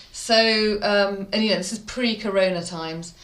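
A woman's voice: mid-range voice, moderate pace, hardly any pauses, slight background noise. Chatty Midlands woman in an echoey room. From English Midlands. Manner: chatty, animated storyteller, laughs often. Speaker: PR expert guest. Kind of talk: casual interview talk.

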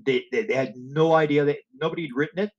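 On a muffled recording, a fast-talking man with a steady voice on the high side tells long, rambling stories in an interview about music and alien experiencers. He digresses freely, restarts often, and acts out the exchanges he quotes.

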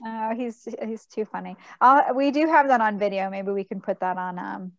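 A woman's voice: medium pitch, moderate pace, dry recording, lo-fi sound. A woman co-hosting a casual chat, telling stories about her kids and laughing often. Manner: chatty storyteller, laughs often.

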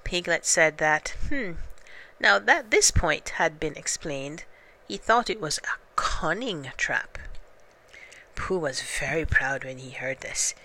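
Bright-voiced woman reading a children's story. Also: low voice, expressive, slow.

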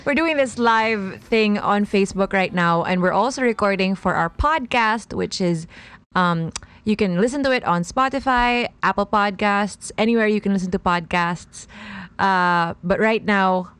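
A woman co-hosting a casual podcast, bubbly and full of quick asides. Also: mid-range voice, fairly bright tone, clear, resonant tone. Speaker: podcast co-host. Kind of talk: casual chat.

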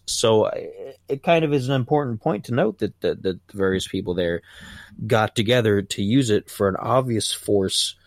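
A man's voice: lowish voice, no echo. A man from Ohio co-hosting a podcast, chatting casually in a rambling, laid-back way. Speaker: podcast co-host.

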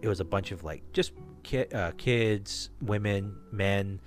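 A man's voice: fairly low pitch, a little slow, soft background music. A man hosting a podcast, telling a long rambling story in casual talk, with restarts and swearing. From Alaska. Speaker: podcast host.

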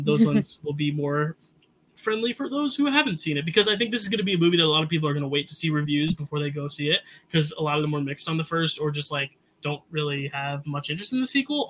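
A young man co-hosting a casual movie review chat, talking in quick asides with lots of "like". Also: on the high side, bright, forceful tone, rough recording. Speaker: podcast co-host.

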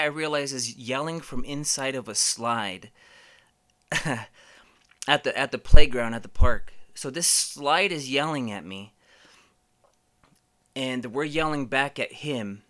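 A man's voice: medium pitch, slow, long pauses, pushed and bright. A man hosting a podcast, telling rambling stories casually, swearing a lot and using many fillers. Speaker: podcast host. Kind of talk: casual storytelling.

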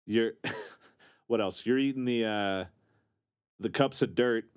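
A man's voice: lowish voice, takes it slowly, clean tone, dry recording, clean studio sound. A man co-hosting a casual comedy chat, joking and laughing often. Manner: jokey, animated, laughs often. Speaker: podcast co-host.

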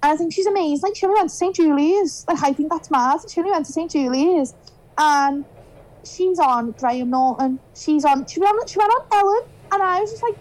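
A young woman from Liverpool speaks in a broad Scouse accent, her voice sitting high. She chats in a relaxed podcast style and slips into quoted dialogue as she tells her stories. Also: brisk, low-quality recording. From Liverpool, England. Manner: chatty, animated storytelling, acts out quoted dialogue. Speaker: guest. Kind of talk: casual podcast chat.

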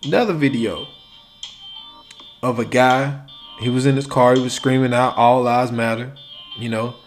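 A man's voice: mid-range voice, steady tone, moderate pace. Casual male podcaster, faint music behind. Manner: casual, conversational, acts out quoted exchanges. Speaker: podcast host. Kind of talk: solo podcast commentary.

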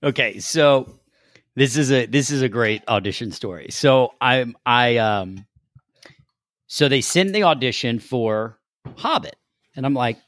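A man spins a lively anecdote in a loose, profane, conversational way. His voice sits in an ordinary middle register and sounds close and dry, with no room around it. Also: mid-range voice, measured pace, no room sound. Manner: animated storyteller who swears casually. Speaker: actor. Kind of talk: casual anecdote telling.

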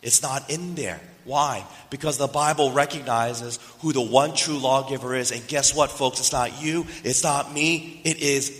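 A male pastor preaches a storytelling sermon, asking his listeners questions as he goes. His voice is bright and forceful, in the middle range for a man. It carries a long reverb from a large hall. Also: mid-range voice, fairly even intonation, a little slow, hardly any pauses, slight background noise.

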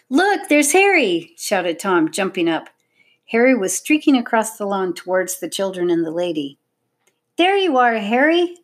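A woman narrating a children's story in a clear, measured, expressive reading. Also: mid-range voice.

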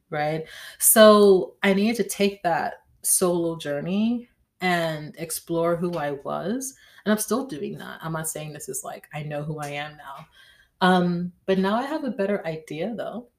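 A woman's voice: on the low side, expressive, measured pace. A woman hosting a podcast in a casual, chatty way, often checking in with "right?". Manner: chatty, tags lines with "right?", slangy. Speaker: podcast host. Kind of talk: casual astrology chat.

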